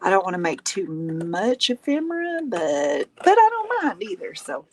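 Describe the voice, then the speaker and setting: A woman's voice: mid-range voice, very animated, moderate pace. A middle-aged woman hosting a craft livestream, chatting casually, laughing often and reading viewer comments aloud. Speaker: craft channel host. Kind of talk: casual chat while crafting.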